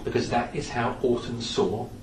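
A man giving a lively, anecdotal talk in a lecture-style storytelling manner. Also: medium pitch, normal speed. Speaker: speaker on theatre history. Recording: echoey room from some distance, faint background noise.

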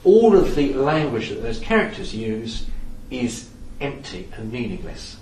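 A man giving a lively, anecdotal talk in a lecture-style storytelling manner. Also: medium pitch, unhurried. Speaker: speaker on theatre history. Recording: echoey room from some distance, faint background noise.

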